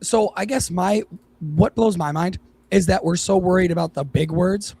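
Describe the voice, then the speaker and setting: A man's voice: high-pitched, moderate pace, vocal fry, dark tone, husky. A man co-hosting a casual talk show, ranting and swearing freely while he mocks other people's voices. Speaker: podcast co-host. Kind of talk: casual profane chat.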